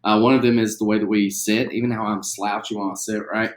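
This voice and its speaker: A young man with a West Virginian accent teaching a recorded theatre class in a relaxed, chatty way, with lots of fillers. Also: on the low side, quick pace, reverberant. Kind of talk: recorded online class lesson.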